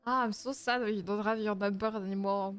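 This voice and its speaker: A woman's voice: medium pitch, steady tone, brisk, soft background music. A woman with a French accent chatting casually on a live stream, playful, slipping in French words and laughing often. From France.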